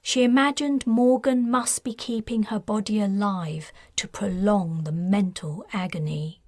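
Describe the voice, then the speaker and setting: A woman, the author, reading her science fiction audiobook in a measured, even manner. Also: mid-range voice, no room sound, studio quality. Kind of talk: scripted audiobook narration.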